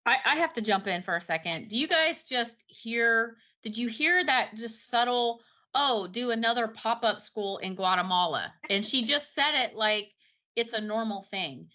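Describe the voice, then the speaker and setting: A woman's voice: on the high side, expressive, normal speed, pushed and bright. A woman co-hosting a podcast, jumping in to praise the guest with enthusiasm. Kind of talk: podcast interview.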